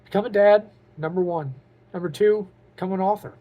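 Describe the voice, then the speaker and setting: A man's voice: sits high, fairly quick, dark tone. A man talking to camera in a casual vlog, earnest and openly emotional, rambling with lots of "like" and "you know". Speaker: vlogger and aspiring author.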